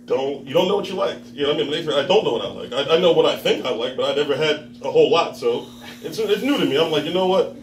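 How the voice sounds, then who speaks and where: Captured on a roomy, distant mic along with the crowd and slight background noise, a thirtysomething male comic performs at an open mic in a bar with a live audience. His voice runs high as he tells a rambling story, impersonating the people in it and chuckling at his own jokes.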